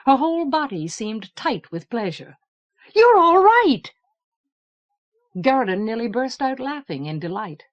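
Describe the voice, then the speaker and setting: A woman narrating a fantasy novel audiobook in a measured, unhurried manner. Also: on the high side, big pitch swings, highs cut off. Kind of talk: scripted narration.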